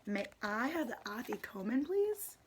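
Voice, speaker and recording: A woman voicing a kindly but firm father leading a holiday meal, with a calm, commanding tone. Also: on the high side, a little slow, slight background noise.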